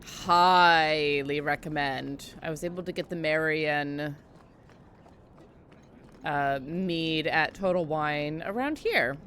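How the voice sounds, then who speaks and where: A woman's voice: sits low, takes it slowly, fairly bright tone, a little hiss or hum. A woman streamer giving casual gameplay commentary, with chatty, joking asides to her viewers. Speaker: game streamer.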